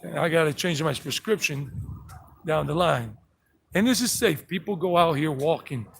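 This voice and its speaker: A man with a Southern US accent gives a chatty, rambling walking tour outdoors on residential streets. His voice sits a little high and carries a gravelly fry, with faint street noise behind him. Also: lively intonation, normal speed. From South Carolina and Georgia, USA. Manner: rambling, chatty, greets viewers by name. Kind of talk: live-streamed walking tour narration.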